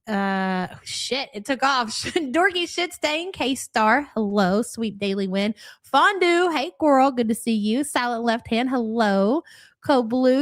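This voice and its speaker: A woman's voice: fairly high pitch, dry recording, studio quality. Chatty woman greeting her stream chat. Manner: chatty, greets viewers by name. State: stuffy, has a cold. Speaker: live stream host. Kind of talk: casual live-stream chat.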